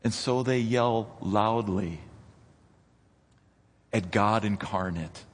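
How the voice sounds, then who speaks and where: A man preaching a sermon as pastor, dramatic and rising toward near-shouts when he retells scenes. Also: fairly low pitch, takes it slowly. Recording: long reverb of a church hall.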